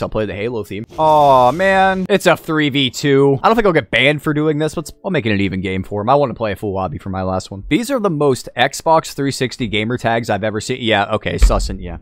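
A young man giving casual, excitable commentary while playing a video game at home, often shouting at game moments. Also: medium pitch, fast, few pauses, no room sound. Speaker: gaming video creator. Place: home room.

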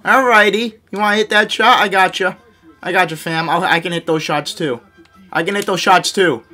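Excitable young man with a high voice. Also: fairly quick, soft background music. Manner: excitable, yells and laughs at big plays; self-mocking, scolds his teammates. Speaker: gaming YouTuber. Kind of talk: live gameplay commentary.

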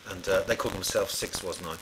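A man's voice: sits low, steady tone, fast talker, vocal fry, noisy background. A middle-aged man telling studio stories in a rambling, casual way, full of fillers and restarts. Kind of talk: casual spoken anecdote.

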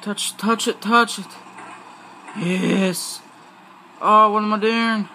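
High, excitable gamer man. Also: slow pace, a little hiss or hum, poor audio. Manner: excitable, talks back to the game, swears and laughs. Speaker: gaming channel host. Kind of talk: casual gameplay commentary.

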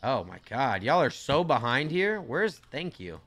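A man's voice: medium pitch, sing-song, unhurried, fairly bright tone. A young man giving casual, slangy commentary while playing a store game, talking to himself and to the characters on screen. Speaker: gaming streamer.

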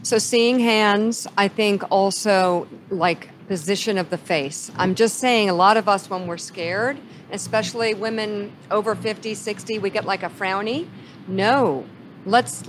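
Measured woman podcast host. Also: mid-range voice, slight background noise. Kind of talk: conversational interview.

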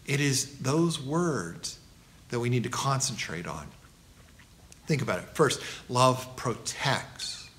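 A middle-aged man, a pastor, preaching a sermon and telling stories with a lively delivery. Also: mid-range voice, slow.

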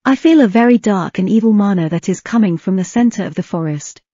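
A woman voicing a poised, calm and commanding elven woman in an audiobook reading, with a measured, steady delivery. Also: mid-range voice, no room sound, muffled recording, lightly acted. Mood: grave.

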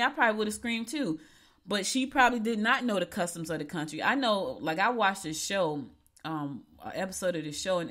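A woman's voice: lowish voice, a bit bright. A woman radio host giving outspoken, chatty commentary on the news in a casual talk-radio style. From United States.

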